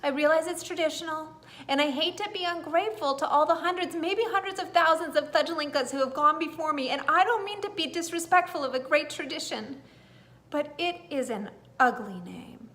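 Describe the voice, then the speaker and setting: A woman's voice: sits high, a little slow, a bit bright. A woman voicing a young garden flower girl who speaks earnestly and pleads her case in a storybook reading.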